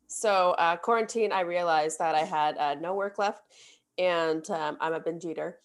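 A woman's voice: lowish voice, moderate pace. A young woman hosting a podcast, talking candidly about hard times and laughing nervously through it. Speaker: podcast host. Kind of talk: casual chat.

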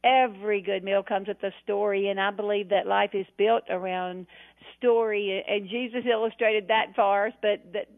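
A woman's voice: mid-range voice, steady tone, normal speed, creaky. A woman with a Southern accent, a cookbook author chatting on a radio show in a folksy, self-deprecating way. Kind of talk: radio interview by phone. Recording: tinny phone line.

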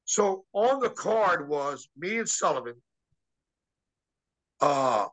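A middle-aged man recounts a story in a loose, animated way, stumbling over restarts and slipping into the voices of the people he quotes. His voice sits a touch high for a man and rings bright and forceful. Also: low-quality recording. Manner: animated, acts out quotes, many restarts and fillers. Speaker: former pro wrestler telling a story. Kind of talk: casual storytelling.

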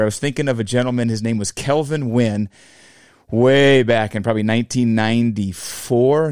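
A man in his forties talks through a casual solo podcast episode, reflective and direct with his listeners. His voice sits at an ordinary middle pitch. The sound is dry and close, with no room echo. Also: a little mellow, clear, resonant tone. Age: 40s. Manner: reflective, addresses listeners as fellow fabricators. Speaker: podcast host.

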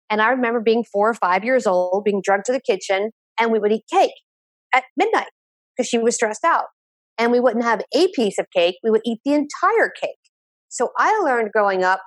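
A woman addiction therapist, guest on an interview podcast, telling her own story in an animated way and repeating phrases for emphasis. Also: a little high, no room sound. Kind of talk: conversational interview.

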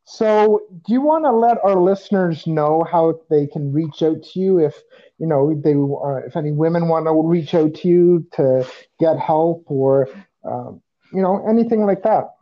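A podcast host interviewing a guest, encouraging and quick to laugh. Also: mid-range voice, muffled recording. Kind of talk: casual interview chat.

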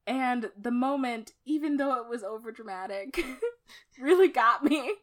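A woman's voice: fairly high pitch, a little slow. A woman co-hosting a podcast, chatting casually about a TV show, laughing often and swearing now and then. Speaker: podcast co-host.

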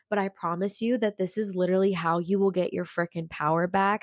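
A woman hosting a casual self-help podcast. She is sick with a cold and talks in an energetic, peppy way close to the mic, with frequent mild slang. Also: lowish voice, no room sound. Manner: energetic, peppy, says frickin' a lot. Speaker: podcast host. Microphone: studio podcast mic.

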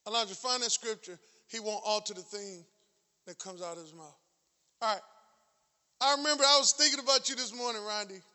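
Man, pastor, high voice, very bright, shouting sermon, repeated phrases, long hall echo. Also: fairly quick.

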